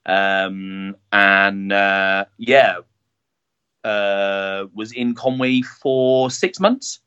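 A man's voice: on the low side, drawn-out words, smooth. Guy chatting in an interview, lots of ums and restarts, kinda dull lo-fi audio. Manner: relaxed, hesitant, many fillers and restarts. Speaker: guest, town jester. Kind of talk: casual interview chat. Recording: dull lo-fi sound.

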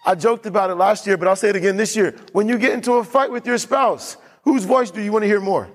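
A man's voice: sits high, fast talker. A man preaching a sermon as pastor in a church, emphatic and given to repeating his lines and reading scripture aloud.

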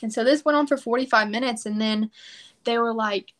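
A woman's voice: a little high, a little fast. A woman guest on a podcast, telling a personal story in a casual, emphatic way and acting out quoted prayers.

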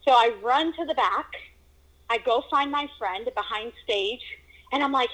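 A woman telling a personal story in a casual conversation, animated and acting out moments with exclamations. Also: sits high, normal speed, rough recording. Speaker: guest telling her story.

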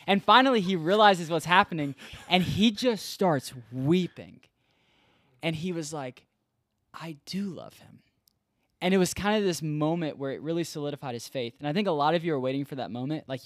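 A man's voice: on the high side, a bit bright, no echo, studio quality. Earnest young man telling a faith story. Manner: earnest, conversational, reenacts dialogue. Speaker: former intern, campus ministry worker. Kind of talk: casual podcast chat, storytelling.

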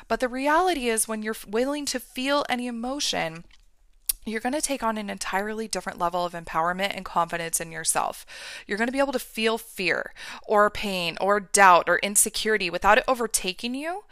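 A woman's voice: mid-range voice, bright, forceful tone, clean tone, dry recording. A woman in her thirties giving an earnest motivational talk as a mindset coach, often checking in with "right?".

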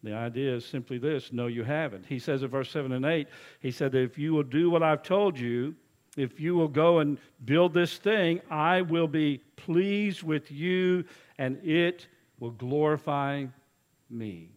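Preaching as an executive pastor, this man takes his time, sharing homespun anecdotes. He alternates between forceful urging and soft, low-voiced remarks.

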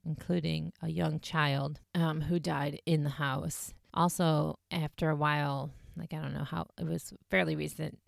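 A woman with a deep voice and vocal fry casually recaps a ghost-hunting episode as a podcast host. She's chatty and heavy on fillers, saying "like" a lot. The recording is clean studio sound with no room echo.

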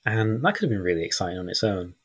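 Man, guest on a chat podcast, very low husky voice, chatty, laughs a lot. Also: lively intonation, rapid-fire, a bit bright. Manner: chatty, laughs often, acts out lines from films. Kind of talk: casual film chat.

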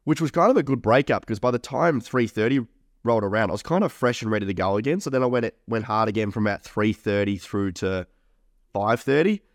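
A man's voice: on the low side, expressive, fairly quick, no echo, studio quality. A young man co-hosting a podcast, chatting casually, swearing and laughing often. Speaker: podcast co-host.

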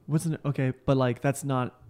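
A man's voice: medium pitch, fairly even intonation, moderate pace, darkish tone. Teasing young man hosting a podcast. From California. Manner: teasing, playfully smug. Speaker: podcast host and editor. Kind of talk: casual podcast banter.

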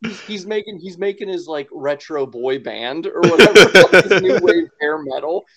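A man with a slightly high, fairly bright voice co-hosts a podcast at a moderate pace, sounding animated. The chat is casual and rambling, with plenty of fillers and frequent laughs, on dull lo-fi podcast audio.

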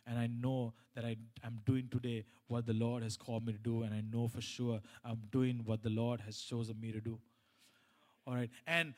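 Male pastor delivering a sermon, rising to loud high emphasis, dropping low for stories, mid pitch. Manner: swings from loud emphatic preaching to quiet personal storytelling; many restarts and repeated phrases.

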